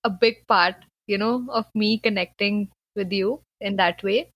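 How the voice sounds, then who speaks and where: A woman from Punjab talks earnestly as a guest on a casual podcast. Her speech is chatty and loose, with a mid-range pitch and a dry, close sound. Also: fairly even intonation, a little slow, no echo, dull audio. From Punjab, India. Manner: earnest, chatty, sprinkles in "like" and "you know". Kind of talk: casual conversational interview.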